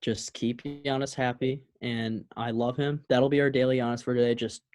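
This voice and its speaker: A young man co-hosting a casual sports podcast, earnest and halting, full of ums. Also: medium pitch, flat delivery, darkish tone. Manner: earnest, halting, filler-heavy. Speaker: podcast co-host.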